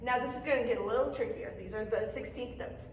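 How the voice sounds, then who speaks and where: A woman's voice: a little high, fast talker, very noisy. A young woman giving a patient, encouraging percussion lesson, explaining strokes step by step. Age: young adult. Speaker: percussion teacher. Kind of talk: hands-on music lesson. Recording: echoey room, mic far off.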